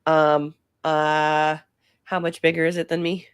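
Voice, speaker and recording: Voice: mid-range voice, level tone, a little slow, smooth, dry recording, clean studio sound. A player in a tabletop game, describing actions in a rambling, hesitant way full of fillers.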